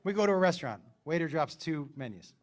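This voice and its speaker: A man telling a stand-up story, animated and laughing, with big swings in loudness. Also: fairly high pitch, fast. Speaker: stand-up comedian.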